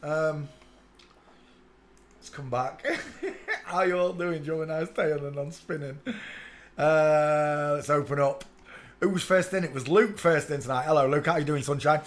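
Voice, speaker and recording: A man's voice: fairly high pitch, fairly even intonation, moderate pace, pauses often. A man from England with a Northern English accent, hosting a casual livestream and chatting, humming and muttering to himself while he works. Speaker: livestream host.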